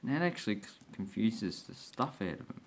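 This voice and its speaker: On his channel, a man gives casual show-and-tell commentary on his coin collection, rambling and hesitant with many restarts. His fairly low voice is creaky and sing-song, a little fast, with slight background noise.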